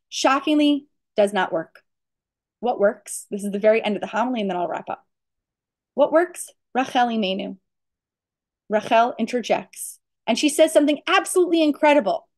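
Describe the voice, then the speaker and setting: A woman teaching a lecture on a religious text, emphatic and animated, often asking rhetorical questions. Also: a little high. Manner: animated storytelling.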